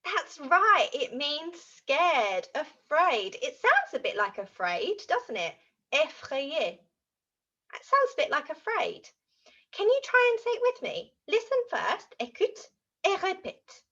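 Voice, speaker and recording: A high, bright-toned woman leads a children's language lesson, her voice leaping up and down with each exaggerated feeling she acts out. She speaks slowly and clearly, with a slightly breathy edge. The recording sounds dull and lo-fi. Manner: animated, exaggerated expressions for young children. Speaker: children's French teacher.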